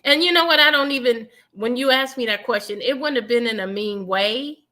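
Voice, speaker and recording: A chatty woman hosting a casual show, reading out listener comments between laughs. Her voice sits fairly high and sounds bright and pressed. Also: a little fast. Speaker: host.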